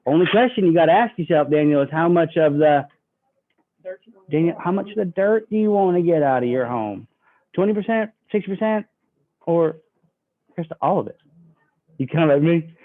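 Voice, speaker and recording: A man giving a sales training talk, folksy and acting out customer dialogue. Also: a little high. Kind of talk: sales training talk with role-played pitches. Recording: tinny phone-like audio.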